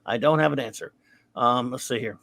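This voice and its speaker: A man hosts a casual podcast, reading out listener grades in a mid-range, fairly bright voice with vocal fry and a slightly fast pace. His manner is wry and rambling, trailing off into mumbles.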